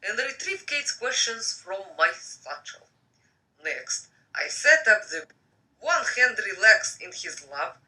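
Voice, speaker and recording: Woman, russian accent, slow unhurried reading, crisp bright tone, voice a bit distant from the phone mic. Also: a little high. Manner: slow, breathy-soft reading, flirty asides to viewers. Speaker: live-stream host reading a book aloud. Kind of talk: bedtime story reading with chatty asides.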